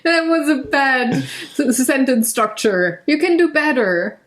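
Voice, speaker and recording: A woman's voice: high-pitched, lively intonation, slow. A woman, co-hosting a board game podcast, teasing and laughing. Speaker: podcast co-host. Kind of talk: casual chat.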